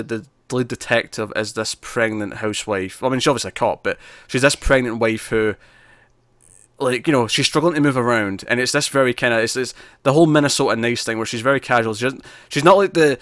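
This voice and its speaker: A man co-hosting a relaxed film-talk podcast, circling his points with plenty of ums and false starts. His voice sits at an ordinary pitch. The sound is dry and close, with no room around it. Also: dry recording. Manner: rambling, many fillers and restarts. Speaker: co-host of a movie discussion show. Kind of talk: casual chat.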